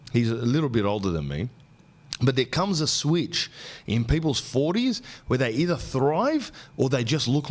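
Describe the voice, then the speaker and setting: Bloke in his forties, podcast host, ranting comic anecdotes, lively swooping pitch. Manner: ranting, animated anecdotes with slang. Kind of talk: comic storytelling.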